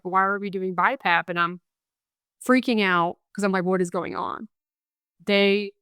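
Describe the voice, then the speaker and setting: A woman's voice: mid-range voice, fairly bright tone, smooth, dry recording, clean studio sound. A young adult woman, a guest on a podcast interview, earnestly recounting events and quoting what people said. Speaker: guest, bereaved mother.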